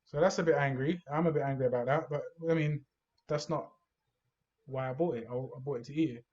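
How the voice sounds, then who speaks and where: A man's voice: medium pitch, a little fast, darkish tone. A young man, co-hosting a podcast over a video call, bantering in street slang. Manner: banter-heavy London slang. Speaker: podcast co-host. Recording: lo-fi online call audio.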